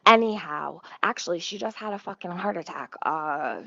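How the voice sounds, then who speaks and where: A woman's voice: fairly low pitch, normal speed, creaky, sharp tone, dry recording, dull audio. A woman telling a long story on her livestream, rambling, swearing freely and getting sidetracked mid-sentence. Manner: profane, rambling, easily sidetracked.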